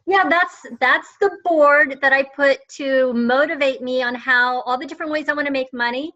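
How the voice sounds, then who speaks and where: A friendly, chatty woman talks as a guest over a video call. Her voice is high and bright, and the call audio sounds dull and lo-fi. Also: normal speed. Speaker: guest entrepreneur.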